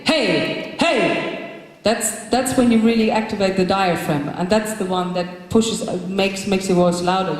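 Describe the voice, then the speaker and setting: A woman leading a live vocal workshop for a group, explaining breathing and screaming technique and demonstrating shouts and growls herself. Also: medium pitch, a little hiss or hum. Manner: instructive, breaks into loud demonstration shouts and growls. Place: large hall with a live group. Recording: very echoey hall from a distance.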